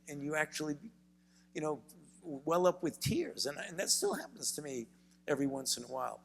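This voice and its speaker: Older man with a gravelly voice, telling stories on stage. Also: mid-range voice, fairly bright tone, big-room sound. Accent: Brooklyn, New York. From United States. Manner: measured storytelling, frequent repeated words. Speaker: physician and author, interview guest. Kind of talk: onstage conversation. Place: university event hall.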